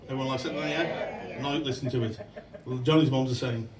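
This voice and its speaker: A man's voice: medium pitch, fairly even intonation, a little fast, far from the mic, crowd noise. Brief: man, amateur stand-up, chatty and sweary, loses his thread, heard from afar in an echoey, noisy room. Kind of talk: stand-up joke telling. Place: function room before a laughing crowd.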